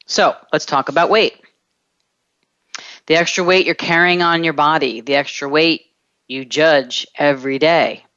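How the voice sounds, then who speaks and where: Slow, deliberate self-help host. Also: mid-range voice, fairly even intonation, sharp tone, smooth, no room sound, muffled recording. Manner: slow, deliberate, stretching words in lists. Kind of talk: reflective coaching monologue.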